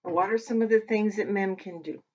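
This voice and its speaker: A woman teaching a language lesson who talks while she writes, pausing and correcting herself as she goes. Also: medium pitch, a little mellow. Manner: talks while writing, with pauses and self-corrections. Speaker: Hebrew teacher. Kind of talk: slow, patient lesson at a whiteboard. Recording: dull lo-fi recording.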